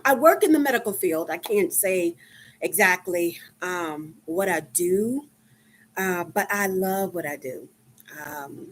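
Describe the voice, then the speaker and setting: A woman in her fifties from Dallas with a Texan accent, chatting casually with viewers on a live stream, unhurried and full of ums. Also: mid-range voice, a little hiss or hum. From Dallas, Texas. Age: 50s. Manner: slow, chatty, many ums.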